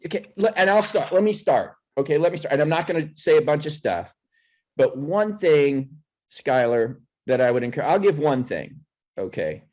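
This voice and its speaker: A man's voice: a little high, sing-song, moderate pace, a little mellow. Man giving a pep talk. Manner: repeats and restarts phrases, pep-talk manner. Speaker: host of a mortgage coaching call. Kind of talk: animated coaching on a video call. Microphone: video call.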